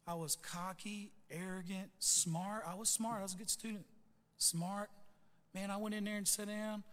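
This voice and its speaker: A man's voice: high voice, little pitch movement, brisk. A middle-aged man preaching a sermon with a personal testimony, telling his story earnestly and checking in with "right?" and "okay?". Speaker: pastor. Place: church sanctuary. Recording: long church reverb, faint music.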